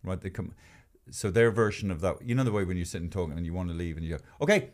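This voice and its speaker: A man's voice: sits low, rapid-fire, a little mellow. A man hosting a podcast, rambling in casual chat with stammering restarts and playful impressions. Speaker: podcast host.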